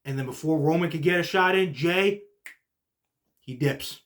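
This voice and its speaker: A young man hosting a casual podcast recap, excitable and full of "like" and "literally", swinging from low muttering to shouting. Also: normal speed. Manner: heavy use of filler like "like" and "literally". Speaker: podcast host.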